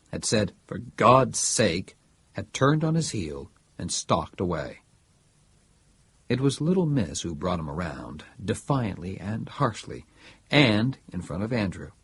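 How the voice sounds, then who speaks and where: A man narrating an audiobook in a steady, measured way. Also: on the low side, husky.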